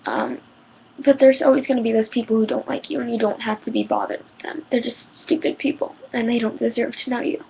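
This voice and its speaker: Teenage girl with a husky, shaky voice. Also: on the high side, animated, brisk, muffled recording. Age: teens. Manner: rambling, heartfelt, many ums. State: voice shaking, near tears. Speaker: vlogger. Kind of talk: personal advice vlog.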